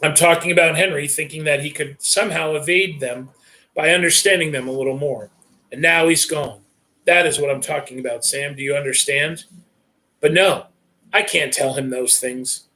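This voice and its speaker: A man's voice: fairly high pitch, steady tone, moderate pace, bright, forceful tone. A man reading a first-person novel aloud in an earnest, tense storytelling manner. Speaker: reader.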